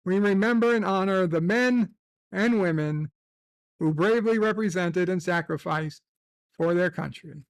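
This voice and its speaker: Gravelly high-voiced sarcastic man. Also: unhurried, no room sound. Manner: crude, sarcastic, profane rants. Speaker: livestream host. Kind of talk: casual livestream chat.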